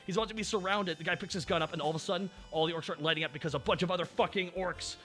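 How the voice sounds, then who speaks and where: A man's voice: high-pitched, steady tone, very fast, soft background music. A man streaming as a VTuber, chatting casually and ranting with lots of swearing. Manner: ranting, swears a lot, loud bursts. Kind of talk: casual chat.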